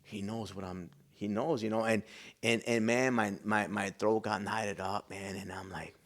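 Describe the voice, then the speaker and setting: A pastor and business owner from Chicago, USA, tells a personal story on a podcast. His fairly low voice moves at a moderate pace, with animated delivery, hushed whispered asides, and frequent use of "man".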